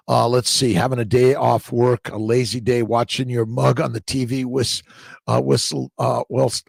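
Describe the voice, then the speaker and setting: A livestream host reads out viewer comments and greets people, rambling and upbeat, repeating catchphrases and restarting words. His mid-range voice has vocal fry, captured as a dry, clean studio recording.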